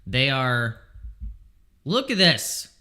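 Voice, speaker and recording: A man live-streaming crypto trades in casual chat, excitable and exasperated, swearing freely as he talks. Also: mid-range voice, very slow.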